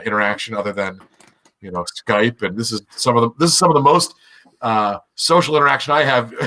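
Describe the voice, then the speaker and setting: Bright-voiced jokey man hosting. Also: fairly low pitch. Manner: jokey, wraps up the show. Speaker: podcast host. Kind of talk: casual chat. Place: home, remote call.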